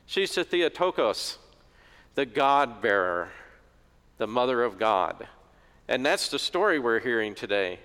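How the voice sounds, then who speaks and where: A man's voice: medium pitch, sharp tone, clear, resonant tone. Middle-aged guy preaching, cracks little jokes, long church echo around him. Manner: joking, conversational preaching. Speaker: pastor. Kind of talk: sermon. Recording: echoey church reverb.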